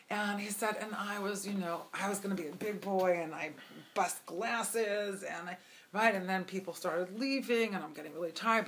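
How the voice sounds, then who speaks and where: A woman telling a Hasidic tale at a gathering, animated and chatty, with many asides and fillers. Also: mid-range voice, slight background noise. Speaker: storyteller. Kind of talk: spoken Hasidic storytelling. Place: event gathering.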